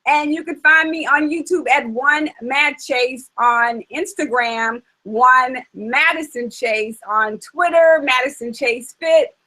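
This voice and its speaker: A woman's voice: sits high, slow pace, hardly any pauses, sharp tone, rough recording. A woman hosting a casual chat show, talking in an emphatic, opinionated way with many fillers. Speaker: host.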